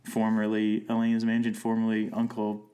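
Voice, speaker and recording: A man's voice: on the low side, monotone, moderate pace, mellow. A young man co-hosting a podcast, joking around as he reads through plot points of an episode. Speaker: podcast co-host. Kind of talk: casual chat recapping a TV episode.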